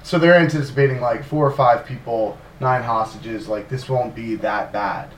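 A man casually retelling history as a podcast co-host, animated and sarcastic, with plenty of fillers and the odd swear word. His voice sounds roomy, and the mic sits some distance away. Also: medium pitch, moderate pace, slight background noise. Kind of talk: casual storytelling.

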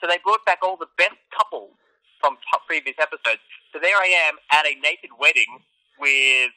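A man spinning a boastful, animated story in relaxed conversation. His voice is strikingly bright and sharp. He sounds proud and playful as he talks. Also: on the high side, moderate pace, low-quality recording. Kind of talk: casual storytelling chat.

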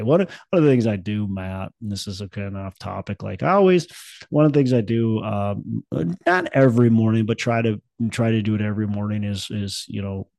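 A man's voice: lowish voice, creaky, darkish tone, no room sound. A man in his thirties from Minnesota, co-hosting a podcast in casual chat, rambling and upbeat with many restarts. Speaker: podcast co-host.

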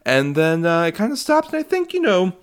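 A man's voice: high-pitched, huge pitch swings, brisk. A man co-hosting a film podcast, chatty and rambling, often laughing and using fillers. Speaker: podcast co-host. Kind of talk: casual film podcast chat.

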